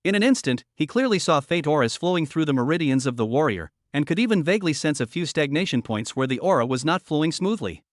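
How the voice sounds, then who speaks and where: Male audiobook narrator, higher pitch, even and steady, dry studio sound. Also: a little fast, hardly any pauses, no room sound.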